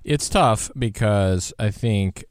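A man's voice: on the low side, slow pace, no room sound. A man hosting a live radio talk show in a studio, chatting casually with many fillers. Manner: relaxed, rambling, many fillers.

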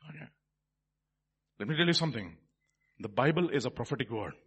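Husky-voiced fervent preacher. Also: male voice, medium pitch, expressive, a little fast. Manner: swings from quiet musing to loud fervent preaching. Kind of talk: sermon.

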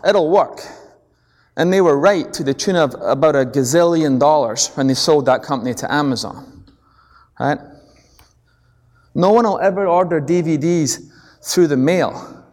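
A middle-aged Scottish man gives a business seminar in an animated, story-driven way and keeps checking that the audience is following. His voice sits fairly high for a man. The long echo of a large hall trails behind him. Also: normal speed. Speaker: seminar speaker.

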